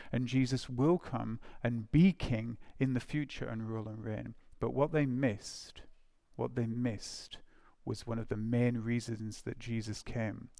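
A man's voice: mid-range voice, creaky, a little mellow. A man preaching a conversational sermon to a church congregation, telling a story with many fillers and restarts, and speaking to the children. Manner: informal storytelling, addresses children.

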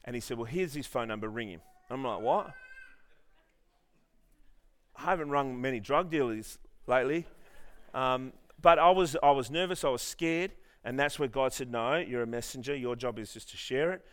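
Animated pastor telling a story. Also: male voice, mid-range voice, moderate pace. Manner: animated storyteller, many restarts, closes in earnest prayer. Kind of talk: sermon with storytelling and prayer.

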